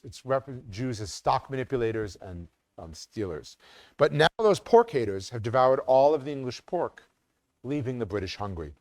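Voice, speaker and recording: A man's voice: medium pitch, a little mellow, no room sound. A middle-aged man giving a community lecture as an academic, speaking with occasional ums and restarts. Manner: reads quotes with sing-song emphasis, some restarts and ums.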